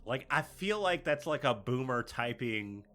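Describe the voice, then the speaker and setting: A man co-hosting a podcast, reading out sighting reports with frequent fillers and animated asides. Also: medium pitch, unhurried. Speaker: podcast co-host. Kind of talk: casual chat and reading sightings.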